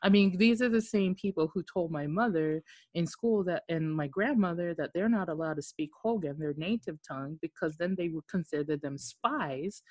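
Candid, animated woman from Okinawa. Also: lowish voice, moderate pace, dry recording. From Okinawa, Japan. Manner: animated, candid, swears casually. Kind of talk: casual chat.

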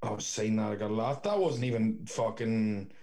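A man's voice: fairly low pitch, normal speed, warm tone. Laid-back man co-hosting a podcast. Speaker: podcast co-host. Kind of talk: casual chat.

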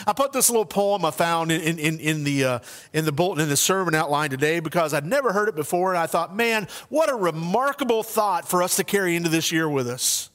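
High-voiced man preaching in a reverberant church. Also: animated, quick pace. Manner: earnest, conversational preaching with swings between soft and emphatic. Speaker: pastor. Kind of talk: sermon. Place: church sanctuary.

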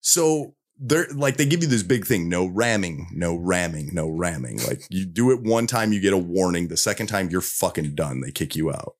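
A man casually telling a long anecdote on a podcast, profane and animated, slipping into voices of the people he describes. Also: low voice, normal speed, few pauses. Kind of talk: casual storytelling chat.

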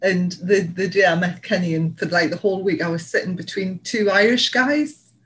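A woman from Northeast England co-hosts a casual podcast chat, her lowish, slightly bright voice at normal speed. The recording is rough with slight background noise, and she rambles through stories full of fillers and laughs.

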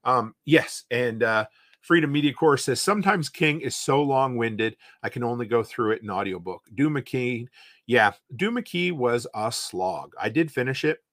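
Rambling Eastern Canadian podcast host. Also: male voice, mid-range voice, lively intonation, moderate pace, fairly bright tone. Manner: rambling, reads viewer comments aloud and reacts. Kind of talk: casual livestream chat.

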